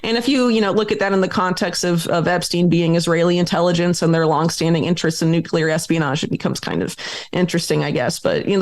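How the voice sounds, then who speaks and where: Fast-talking woman explaining at length. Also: fairly low pitch. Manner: rapid, emphatic, piles up dates and names. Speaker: guest author and journalist. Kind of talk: podcast interview, fast detailed explanation.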